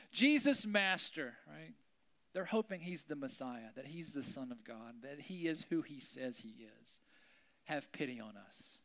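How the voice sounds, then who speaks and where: A man giving a relaxed Bible lesson, chatting with listeners through rhetorical questions and now and then shouting out quotes with drama. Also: on the high side. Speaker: preacher. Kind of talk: Bible teaching, conversational sermon.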